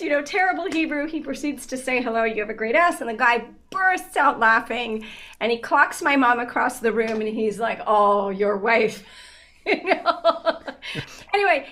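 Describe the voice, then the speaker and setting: A woman in her fifties chats as an interview guest with a bright, high voice. She tells stories with lots of energy, laughing often and filling her speech with "like" and "um". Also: moderate pace. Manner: animated storyteller, laughs often, many fillers. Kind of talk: casual interview chat.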